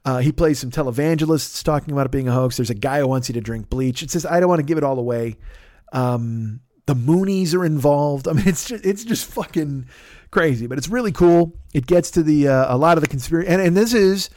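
A male podcast host talks in a loose, rambling way, swearing often and cutting himself off mid-thought. His voice sits a little high for a man. The sound is dry and close, with no room echo. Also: brisk, a little mellow. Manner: rambling, profane, self-interrupting. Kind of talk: casual podcast monologue, sponsor plug.

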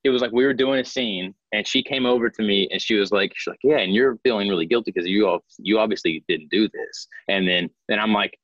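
A man's voice: fairly low pitch, brisk, few pauses, a bit bright, no room sound, highs cut off. A young man, an actor in a casual interview, chatting and acting out quoted dialogue as he tells a story. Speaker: actor interviewed about a show.

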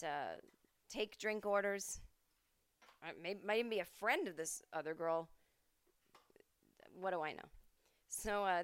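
A woman in her forties hosts a podcast from home, telling a rambling story in casual, profane chat. She slips into the voices of the people she quotes. Her voice is smooth and resonant, recorded close and dry with no room sound. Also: mid-range voice, a bit bright, no echo. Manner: chatty, swearing, acts out quoted voices. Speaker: podcast host.

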